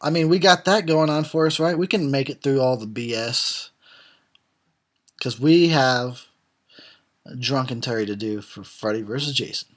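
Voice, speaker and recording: A man's voice: medium pitch, normal speed, a bit bright. A tired man who has been drinking, giving casual, profane, sarcastic commentary on a film and chuckling often. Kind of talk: casual drunk movie commentary.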